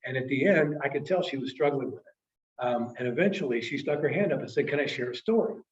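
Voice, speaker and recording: A man's voice: medium pitch, a little fast. A man in his late fifties, a sales trainer telling an emotional story to a class in an earnest way. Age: 50s. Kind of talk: storytelling presentation. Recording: echoey, distant, dull room sound.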